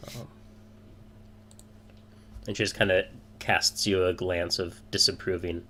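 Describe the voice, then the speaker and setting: A man with a fairly low voice narrates a tabletop fantasy game as game master. He pauses often and fills the gaps with ums and uhs. A faint hum runs underneath. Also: steady tone, sharp tone. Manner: hesitant, filler-heavy.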